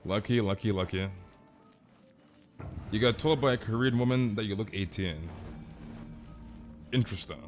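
A man's voice: on the low side, normal speed, long pauses, soft background music. A young man streaming a game live, rambling casually with stammered restarts and slang while talking to his chat. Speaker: gaming livestreamer.

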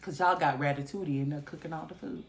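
A woman's voice: low voice, fairly even intonation, fast, creaky. A young woman from Alabama, telling a story dramatically in a casual vlog. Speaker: vlogger.

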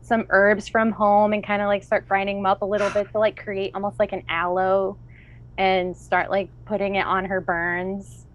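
Woman player, chatty, casual, lots of fillers, medium pitch. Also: level tone, normal speed, a little hiss or hum, low-quality recording. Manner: chatty, many likes, describes actions. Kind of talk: casual tabletop play.

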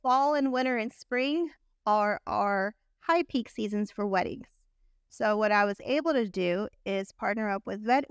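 A woman's voice: mid-range voice, smooth, dry recording, clean studio sound. A woman in her forties, a guest on a podcast, telling a personal story in an earnest, chatty way. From Texas. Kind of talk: casual interview.

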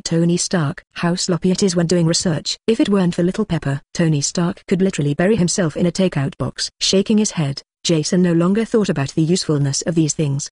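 Dry, even synthetic audiobook narrator. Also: mid-range voice, a little fast, hardly any pauses, no echo. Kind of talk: text-to-speech audiobook narration.

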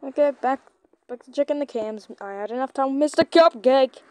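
A woman giving excitable gameplay commentary, chatting to a companion and shouting at teammates. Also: high-pitched, fairly quick, clear, resonant tone. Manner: chatty, talks to a toy companion. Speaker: gamer.

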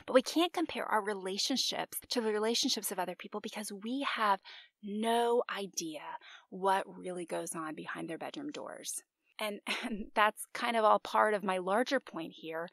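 A woman in her forties hosting a faith-based podcast, telling a personal story in an animated, confiding way with soft whispered asides. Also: mid-range voice, gravelly, no room sound. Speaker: podcast host.

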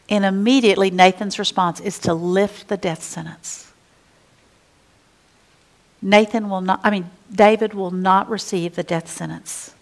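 A woman pastor preaching a conversational sermon, moving between animated asides and hushed, quiet passages. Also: mid-range voice, measured pace.

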